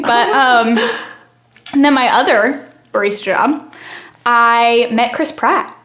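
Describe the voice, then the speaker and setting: A woman's voice: on the high side, normal speed, a bit bright. A young woman co-hosting a student podcast, telling a long story in a casual chatty way with many fillers. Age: young adult. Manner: rambling storytelling with frequent fillers. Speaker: podcast co-host. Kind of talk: casual chat. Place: campus studio.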